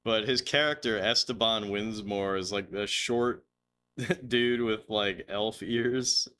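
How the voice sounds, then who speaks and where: A man's voice: lowish voice, fairly even intonation, normal speed, sharp tone, a little hiss or hum. A man streaming a game live, chatting loosely, swearing and laughing as he rambles through stories. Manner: rambling, laughing, swearing, slips into silly put-on voices. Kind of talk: casual live-stream chat over gameplay.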